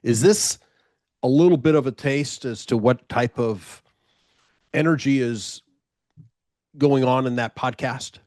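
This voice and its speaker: A man's voice: mid-range voice, a little slow, long pauses, a little mellow, dry recording. Rambling podcast host, man, dry sound. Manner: rambling, restarts his questions. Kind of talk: interview questions, casual chat.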